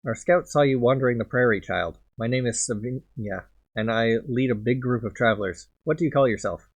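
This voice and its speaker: A kind, soothing woman who leads a band of wanderers in a video game, read aloud by a man. She welcomes and reassures in a calm, gentle manner at a middling pitch. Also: brisk, natural voice. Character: kindly woman leading a band of travelers.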